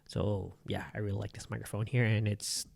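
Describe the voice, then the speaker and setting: Low, gravelly Filipino-accented man. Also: flat delivery, fairly quick. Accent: Filipino, Bisaya. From Philippines. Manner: rambling, unscripted, lots of fillers. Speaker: vlogger. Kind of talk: casual gear-testing vlog. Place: indoor room. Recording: echoey room, mic changes.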